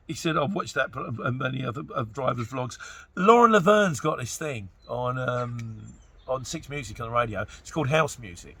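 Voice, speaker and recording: A chatty middle-aged man from Luton with a Luton English accent talks casually, with a lively voice that jumps up and down in pitch. His tone is bright and a little husky, and he jokes his way through rambling asides. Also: normal speed, no room sound. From Luton, England. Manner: chatty and jokey, rambling asides, mock-quoting others. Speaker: trucker vlogger answering viewer questions.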